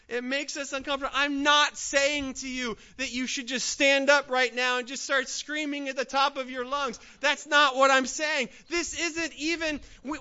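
A man preaching a sermon as pastor, swinging from hushed, searching questions to loud, urgent appeals. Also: extremely high pitch, lo-fi sound. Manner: dynamic preaching, swinging from hushed pleas to near-shouts.

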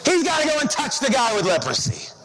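A man preaches in a relaxed, conversational way, often turning to the congregation with rhetorical questions. His voice sits high for a man. The sound carries a long reverb from the church sanctuary. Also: fast. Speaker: pastor. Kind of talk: sermon.

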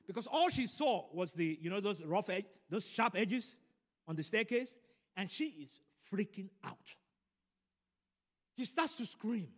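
A middle-aged man preaching a sermon and telling a personal story, animated and building to loud emphatic peaks. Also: sits high, moderate pace. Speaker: pastor. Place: large church room. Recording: long hall reverb.

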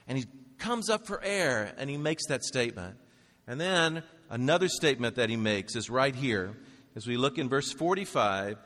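A male pastor delivers a dramatic sermon, rising to loud, urgent peaks and dropping to hushed, slow passages. His voice sits at a middle pitch and rings with a long reverb from a large hall.

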